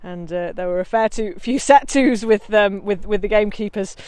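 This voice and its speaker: A woman's voice: medium pitch, moderate pace, no echo. Chatty woman leading a singing group outdoors. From Derbyshire, England. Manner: chatty and warm-hearted, with frequent restarts. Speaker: community singing leader. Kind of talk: casual song teaching to camera. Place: outdoors on a hillside, a little windy.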